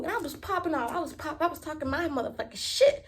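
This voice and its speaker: A young woman from Miami, telling a story in a vlog in an animated, profane and emphatic way. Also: high-pitched, quick pace. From Miami, Florida. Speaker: vlogger.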